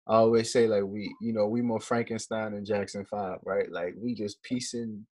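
A man's voice: fairly low pitch, fairly even intonation, moderate pace, a little mellow. A man hosting a casual interview, asking loose questions and affirming his guest. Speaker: podcast host.

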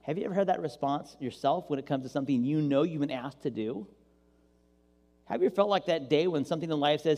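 A male pastor giving an animated, playful sermon and acting out voices, recorded with long hall reverb. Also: a little high, fast.

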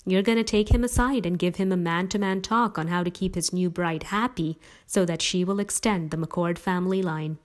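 A woman doing a calm, dryly witty mother. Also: lowish voice, normal speed, hardly any pauses, lightly acted. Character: wry, calm middle-aged mother.

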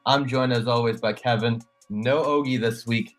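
A man's voice: mid-range voice, fairly even intonation, moderate pace, faint music behind. A Canadian man hosting a sports podcast, chatting casually and joking with his co-hosts, sometimes stumbling over his words. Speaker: podcast host.

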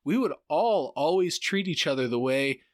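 A man's voice: on the high side, animated, normal speed, dry recording, studio quality. A man in casual podcast conversation, thinking aloud reflectively with frequent restarts. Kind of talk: casual chat.

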